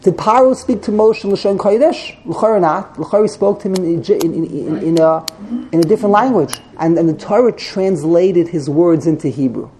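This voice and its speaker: A man's voice: high-pitched, moderate pace, dark tone. A man teaching a text study class, explaining grammar as he thinks aloud, repeating and correcting himself.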